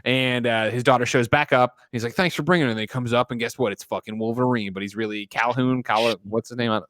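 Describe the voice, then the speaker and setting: A man casually recapping a movie plot, rambling and acting out the characters' lines in loud mock voices. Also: mid-range voice, level tone, fast talker, a little hiss or hum. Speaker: podcast co-host.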